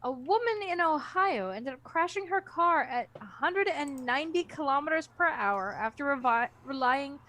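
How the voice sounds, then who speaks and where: A woman's voice: high-pitched, animated, moderate pace, hardly any pauses, bright, forceful tone. A woman co-hosting a casual show, reading news stories aloud in a matter-of-fact way.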